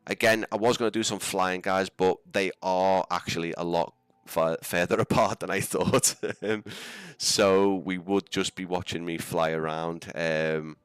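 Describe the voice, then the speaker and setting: Deep-voiced Scouse man chatting on stream. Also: steady tone, unhurried, clean tone, no room sound. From England. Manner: chatty, rambling, laughs often. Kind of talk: casual live-stream chat.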